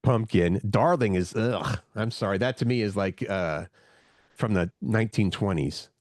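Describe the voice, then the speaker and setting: A man's voice: on the low side, measured pace, a little mellow, no echo, studio quality. Chatty male morning radio host. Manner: chatty, rambling, joking. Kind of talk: casual radio banter.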